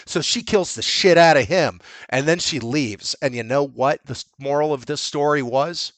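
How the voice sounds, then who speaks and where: A man hosting a podcast, recapping a movie in casual, profane, animated chat. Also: a little high, measured pace, no echo. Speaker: podcast host.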